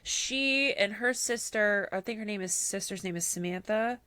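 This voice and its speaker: A woman's voice: mid-range voice, moderate pace, bright, forceful tone, smooth, no room sound. A woman co-hosting a podcast, chatting casually and telling stories full of fillers and acted-out quotes. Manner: chatty storyteller, lots of fillers, acts out quotes. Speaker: podcast co-host. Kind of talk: casual chat.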